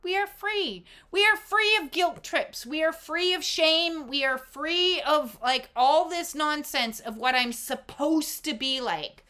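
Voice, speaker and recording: A woman's voice: high voice, takes it slowly, few pauses, sharp tone. A woman doing a casual oracle card reading, talking emphatically with lots of fillers and casual swearing. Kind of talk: casual spiritual talk to camera.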